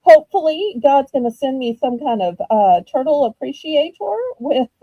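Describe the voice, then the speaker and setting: A woman with a Southern US accent, chatting casually while running a live-stream auction, animated and full of ums. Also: high-pitched, normal speed, dry recording, highs cut off.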